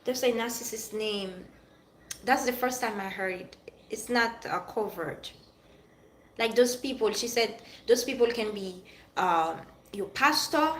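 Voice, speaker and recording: Higher-pitched woman venting in an echoey room. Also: measured pace, pushed and bright. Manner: direct, addresses an absent friend. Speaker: vlogger. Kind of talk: emotional personal vlog rant. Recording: echoey room with faint noise.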